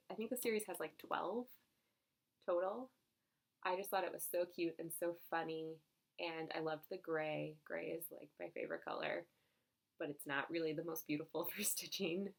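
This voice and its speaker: A young woman vlogs about her stitching finds in a relaxed, rambling chat. Her voice sits low and carries a lot of vocal fry, and she breaks into giggles and fillers as she goes. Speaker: cross-stitch vlogger. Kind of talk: casual chat.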